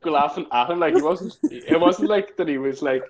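A man's voice: fairly high pitch, normal speed, darkish tone. A young man, chiming in during a casual chat with friends and hedging his points with many "like" fillers. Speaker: friend reminiscing.

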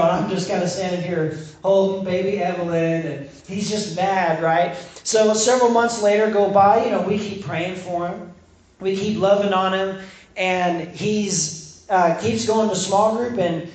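A young man preaching a sermon, with a fairly high voice that rings through an echoey room. He tells stories as a campus minister and acts out people's quotes, raising his voice for them. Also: moderate pace, darkish tone. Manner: storytelling, acts out quotes with a raised voice.

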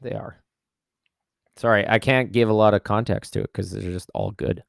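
A man's voice: fairly low pitch, normal speed, vocal fry, no echo, studio quality. A man co-hosting a casual podcast, rambling through restarts and teasing his co-host. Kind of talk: casual chat.

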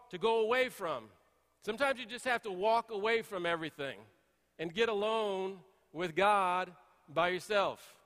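A middle-aged man preaching a sermon, telling folksy stories and swinging between hushed asides and emphatic points. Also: high voice, big-room sound. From Texas. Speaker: pastor. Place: church sanctuary.

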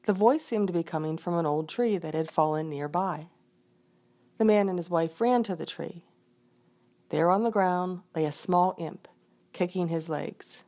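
Woman storyteller, slightly low voice, expressive folk tale reading. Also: a little slow.

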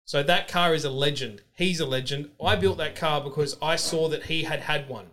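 A man telling excited stories in casual chat, swearing freely and using lots of fillers. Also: a little high, moderate pace. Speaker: podcast guest.

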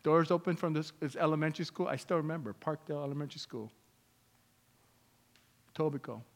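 A male pastor from Canada whose first language is not English, preaching a sermon with personal testimony. He swings between loud exclamations and hushed storytelling. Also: on the high side, fast talker, long reverb tail, slight background noise.

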